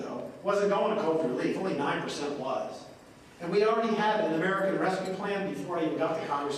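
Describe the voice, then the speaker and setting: High-voiced congressman in echoey hall. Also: a little hiss or hum. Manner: punchy, joking, folksy delivery. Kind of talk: political town hall speech. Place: courthouse meeting room. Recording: echoey live room from far off.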